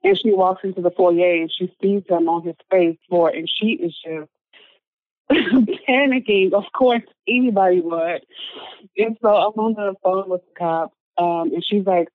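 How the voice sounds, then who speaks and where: Her voice is on the low side, steady in tone and at a normal pace, heard with no echo. She's an interview guest recounting a personal story in conversation, speaking earnestly with lots of filler words. The sound is narrow and phone-like, and dry.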